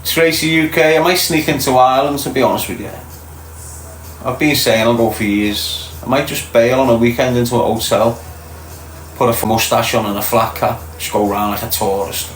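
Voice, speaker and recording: Reading comments aloud on a casual livestream, a middle-aged host with a Liverpool accent speaks bluntly and swears without restraint. His pitch is medium, his intonation fairly even, his speed normal. Slight background noise and faint ambience fill an echoey room.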